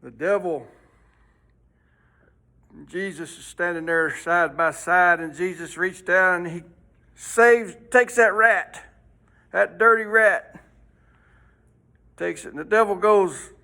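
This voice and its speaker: A man's voice: high-pitched, slow pace, long pauses, pushed and bright. A man teaching a folksy Sunday school lesson, rambling and throwing in rhetorical questions.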